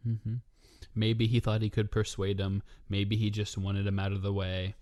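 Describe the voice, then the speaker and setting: A male podcast host in casual book chat, teasing with dry humor and guiding the conversation with questions. His voice sits lower than most, recorded close and dry with no room sound. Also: completely flat delivery, moderate pace, a little mellow, no room sound.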